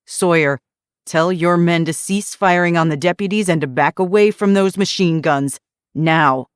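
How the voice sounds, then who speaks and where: A woman's voice: low voice, unhurried, clear, resonant tone, dry recording, clean studio sound. A woman narrator voicing a tense, determined young man holding others at gunpoint, speaking in clipped, threatening commands.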